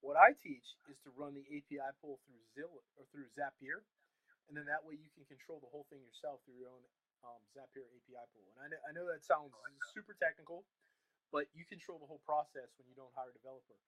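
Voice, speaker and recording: A man's voice: on the high side, fairly even intonation, a bit bright, no room sound, poor audio. A man telling stories as a guest in a casual interview, candid and often laughing, on a video call. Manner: rapid, laughing, candid storytelling. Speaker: guest, chatbot course creator.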